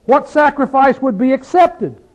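A man teaching a Bible study like a sermon, fervent, firing rhetorical questions and dropping from loud to hushed. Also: extremely high pitch, lively intonation, unhurried, poor audio.

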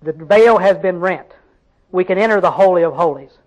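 A man preaches a sermon in a rural Southern American accent, his voice sitting unusually high for a man. He talks in a folksy, emphatic way, throwing questions out to the congregation and pressing his points home. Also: moderate pace, pauses often, low-quality recording.

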